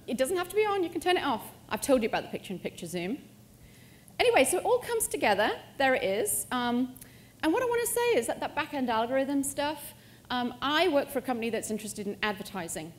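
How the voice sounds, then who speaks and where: A middle-aged woman presenting a live software demo at a conference, joking and self-mocking as she goes. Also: fairly high pitch, slight background noise. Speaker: conference speaker. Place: conference hall stage.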